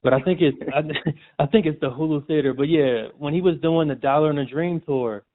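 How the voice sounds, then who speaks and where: A man's voice: a little high, a little fast. Slangy man on a tinny line. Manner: relaxed, storytelling, slangy. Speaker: sportswriter guest. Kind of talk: casual interview chat. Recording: tinny phone-like audio.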